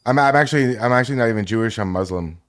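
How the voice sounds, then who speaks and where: A man's voice: mid-range voice, very fast. Jokey streamer dude, laughs a lot, trips over his words, mid voice. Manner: joking, laughs often, stammers on restarts. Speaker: streamer co-host. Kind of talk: casual live-stream banter.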